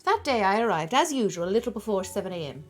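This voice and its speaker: A woman reading the lines of a sturdy male tutor in his thirties, giving measured, formal testimony with a loose, uncertain try at an Irish-tinged accent. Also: mid-range voice, very animated, faint music behind. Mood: earnest, formal. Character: powerfully built male tutor in his thirties, calm witness.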